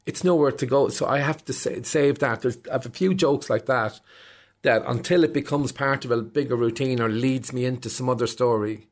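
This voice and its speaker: An Irish man in his fifties, a stand-up comedian, chats casually in an interview with a mid-range, fairly quick voice. He's an animated storyteller who acts out voices as he tells his stories.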